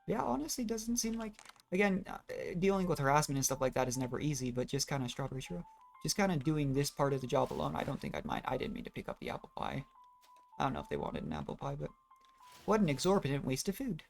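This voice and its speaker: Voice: mid-range voice, big pitch swings, fast talker, gravelly, faint music behind. A gamer giving casual, rambling commentary while playing, often trailing off and restarting thoughts. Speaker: let's play gamer.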